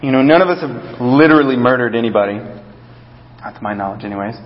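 A young adult male pastor preaching a conversational sermon, often dropping to a soft, gentle voice. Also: medium pitch, quick pace. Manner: conversational, drops to soft gentle tones when quoting God. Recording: echoey hall, dull lo-fi sound.

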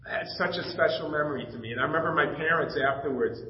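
A man's voice: a little high, quick pace. A middle-aged man preaches from the pulpit and shares a personal story, quoting the other people in it as he goes. His voice rings through a reverberant church sanctuary. The recording is slightly dull, with faint background noise. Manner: storytelling, acting out dialogue, emotional. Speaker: pastor. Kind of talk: personal testimony in a sermon.

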